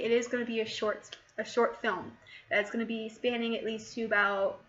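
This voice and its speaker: A woman's voice: a little high, pushed and bright, dull audio. Chatty young woman on a laptop mic. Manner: chatty, rambling, many ums. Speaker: vlogger and documentary director. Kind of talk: casual vlog. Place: home, sitting with laptop, laptop fan blowing. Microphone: laptop built-in mic.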